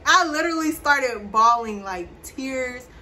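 Bright-voiced chatty young woman vlogger. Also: sits high, a little slow, a little hiss or hum. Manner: chatty, animated, addresses viewers. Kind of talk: casual storytelling to camera.

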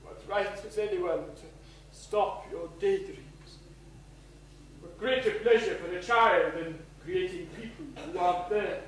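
A man playing a wistful old male miser in a one-man stage show, reminiscing in a halting way. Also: high voice, a little hiss or hum. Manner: hesitant, reminiscing. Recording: echoey theatre stage, mic far off.

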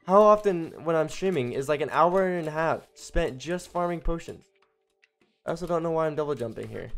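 A young man giving casual, rambling commentary as he streams a video game, breaking into excited exclamations and cutting himself off mid-sentence. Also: on the high side, fairly quick. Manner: chatty and rambling, with excited exclamations and self-interruptions. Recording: faint game music behind.

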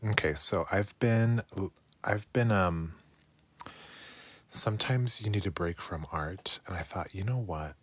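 Husky, slow, low-voiced man. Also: no echo. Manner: soft-spoken, drifts into whispers, repeats phrases aloud; chatty with viewers. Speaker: art livestreamer. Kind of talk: casual late-night livestream chat.

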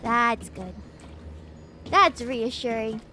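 A woman's voice: fairly high pitch, drawn-out words, bright, forceful tone, a little hiss or hum. A woman streaming a game, chatting casually and teasingly, and giggling as she thanks donors.

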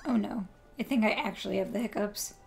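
A woman's voice: medium pitch, a little fast, vocal fry, faint music behind. A young woman chatting to herself as she plays a video game on a live stream. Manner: chatty, talks to herself while playing. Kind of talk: live-stream gameplay commentary.

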